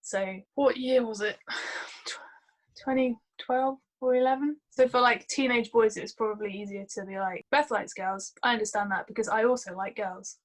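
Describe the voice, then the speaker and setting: A young woman in her twenties talks through a film review in a casual, chatty way, drifting into anecdotes. Her voice sits a little high, and the sound comes over a home video call. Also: steady tone, moderate pace, low-quality recording. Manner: chatty, storytelling with asides. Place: home during lockdown.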